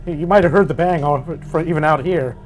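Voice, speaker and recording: A man playing a tabletop role-playing game, speaking in a halting way with many pauses. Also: fairly high pitch. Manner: hesitant, halting with many uhs. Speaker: player. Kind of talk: tabletop role-play, in character. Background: background music.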